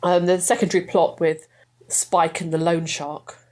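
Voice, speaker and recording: A woman's voice: fairly low pitch, little pitch movement, measured pace, a little mellow. Chatty, enthusiastic woman. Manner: enthusiastic, chatty, laughing often. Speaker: podcast guest. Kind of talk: casual chat.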